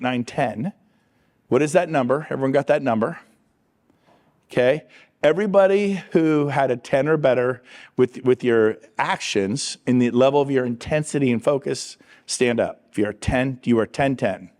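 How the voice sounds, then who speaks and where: A middle-aged man with a fairly high voice gives an energetic motivational talk from a stage. He speaks in short, punchy bursts and keeps quizzing and teasing his audience. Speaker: real estate coach on stage.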